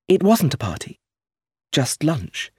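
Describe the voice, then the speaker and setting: A restless young woman with a lifted, swooping voice, as a male narrator puts her on. The tone is husky and dry, close to the mic. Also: on the high side, wildly swooping pitch, slow pace, a little mellow, no room sound, voice pushed up, exaggerated voice. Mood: anxious.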